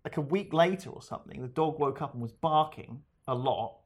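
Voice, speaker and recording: A man with a slightly higher voice chats casually as a co-host. He tells a rambling story full of restarts and reads passages aloud in between. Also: fairly quick. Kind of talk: casual chat.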